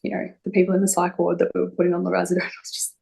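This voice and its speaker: A young woman telling a personal story in an interview, halting and emotional with many fillers. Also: on the low side, completely flat delivery, gravelly, darkish tone. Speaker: interview guest.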